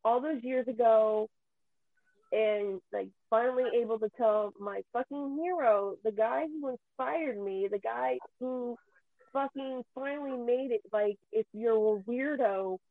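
A woman with a higher voice rants at a measured pace, raw with emotion, swearing heatedly and close to tears. The recording is dry and thin, with a tinny, phone-like sound.

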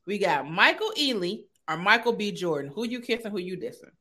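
A woman hosting a casual talk show, playful and quick to laugh. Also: mid-range voice, lively intonation, bright, forceful tone. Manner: playful, laughs often, sing-song plugs. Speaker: podcast host. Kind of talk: casual interview chat.

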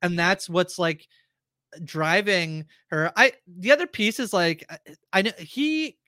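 A woman's voice: on the low side, measured pace, a bit bright, dry recording, studio quality. A woman co-hosting a podcast, chatting casually and acting out characters' lines in quotes. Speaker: podcast co-host. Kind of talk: casual recap chat.

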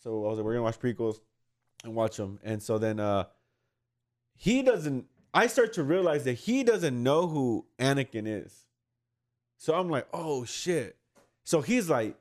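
A man's voice: mid-range voice, big pitch swings, moderate pace. A man hosting a casual chat, telling a long, rambling story with frequent laughs and casual swearing.

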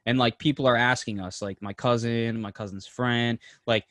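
A man tells a story on a podcast, animated and excited, full of slang and swearing. His voice sits at an ordinary pitch. The sound is dry and close. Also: moderate pace, no echo. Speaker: podcast co-host. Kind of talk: casual storytelling chat.

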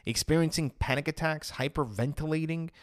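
A man's voice: on the high side, fairly quick, no room sound, studio quality. A man telling his own story to camera in an earnest, emotional way, often acting out what he thought back then. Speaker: vlogger sharing his personal story. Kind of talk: personal storytelling monologue.

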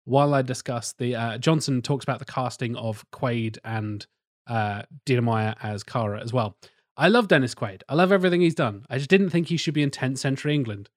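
A man's voice: mid-range voice, fairly quick, no echo, studio quality. A man hosting a casual film podcast, swearing freely and quizzing his co-hosts. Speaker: podcast host.

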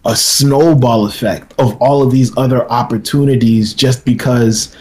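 Husky-voiced man telling an animated story. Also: medium pitch, unhurried. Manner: animated, acts out quoted dialogue, many fillers like "like". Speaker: filmmaker guest. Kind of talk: casual podcast storytelling.

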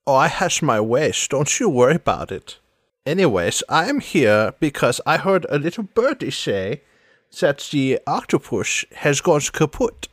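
A man's voice: a little high, sing-song, a little slow, fairly bright tone, pitched above the performer's own voice, exaggerated voice. A coy, flirty thief woman, as a man puts her on, teasing in a lilting, swooping sing-song. The tone stays playful as she toys with the hero, in a dry, close sound with no room echo. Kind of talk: comedic tabletop role-play.

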